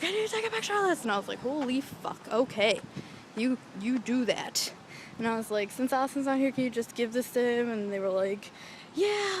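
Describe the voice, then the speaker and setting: A young woman telling a rambling, excitable story in a casual vlog, swearing freely, recorded outdoors near a street. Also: on the high side, poor audio. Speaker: vlogger. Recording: traffic noise from outdoors.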